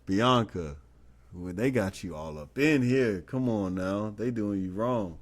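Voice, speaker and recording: A man's voice: fairly low pitch, a little slow. A man hosting a casual live stream, reading an article aloud and breaking off into incredulous, stammering asides. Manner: frequent stammered restarts. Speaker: host.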